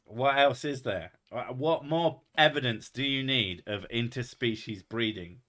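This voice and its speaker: A man's voice: medium pitch, measured pace, bright, forceful tone. A man with an English accent, a mix of posh and Essex, joking and swearing in casual stream chat. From England.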